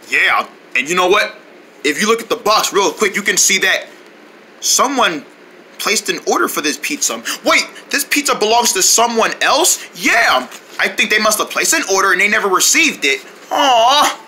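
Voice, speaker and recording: A voice actor performing every character in a comedic cartoon skit, switching between voices with excitable shouting outbursts. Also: medium pitch, normal speed, slight background noise. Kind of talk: comedic cartoon voice acting with parody ads.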